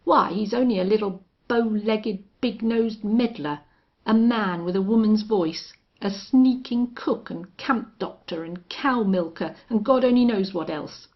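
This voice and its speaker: A woman's voice: mid-range voice, measured pace, voice pushed up, lightly acted. A woman voicing a spoiled young rancher's son who speaks harshly and with contempt. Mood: contemptuous. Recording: dull lo-fi audio.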